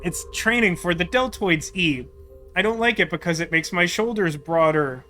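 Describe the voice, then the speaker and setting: A gaming streamer comments on a video game in a wry, rambling way, packing his talk with fillers. His voice sits high and sounds sharp, moving at a moderate pace, and game music plays faintly behind him.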